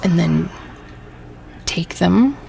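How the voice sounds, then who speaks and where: A woman's voice: on the low side, expressive, drawn-out words, gravelly, mellow, a little hiss or hum. A woman hosting a let's play, thinking aloud and reading game text aloud, easily irritated by the game. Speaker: gaming channel host.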